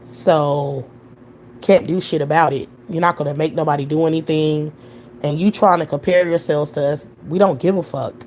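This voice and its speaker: A woman's voice: low-pitched, steady tone, normal speed, a little mellow, slight background noise. Scornful, profane woman ranting on a live stream. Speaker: livestream host. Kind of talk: live stream reacting to chat.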